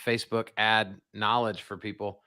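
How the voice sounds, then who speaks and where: A man hosting a casual interview show, enthusiastic, with quick interjections. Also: on the low side, level tone, bright, forceful tone, clear, resonant tone. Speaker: host.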